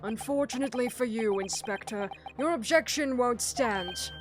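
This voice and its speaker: A woman voicing a cool, haughty male prosecutor in a courtroom game, measured and condescending. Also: a little high, music in the background, lightly acted. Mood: disdainful.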